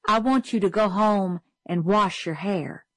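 A woman's voice: mid-range voice, unhurried, no room sound, lightly acted, poor audio. A woman voicing a flustered young schoolteacher in a storybook reading, prim and anxious.

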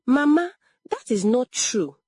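A woman's voice: sits high, sing-song, slow, warm tone, breathy edge, dry recording, studio quality, pitched above the performer's own voice, exaggerated voice. A woman voicing a pleading wronged young girl. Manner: pleading, trembling.

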